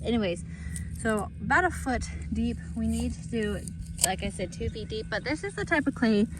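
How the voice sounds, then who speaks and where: A bubbly, chatty woman, talking her way through a backyard gardening job for her vlog. Her voice sits a little high, and the clear outdoor noise of the open yard runs behind her. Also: moderate pace. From Texas. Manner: chatty, bubbly, excitable, lots of ums. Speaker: gardening vlogger. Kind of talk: casual outdoor how-to vlog.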